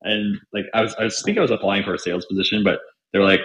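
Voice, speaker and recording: A man's voice: fairly low pitch, steady tone, very fast, fairly bright tone. A young man, a podcast guest, telling stories casually with lots of fillers and acted-out quotes. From Canada. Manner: chatty, filler-heavy, acts out quoted dialogue. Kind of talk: casual storytelling. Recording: roomy echo.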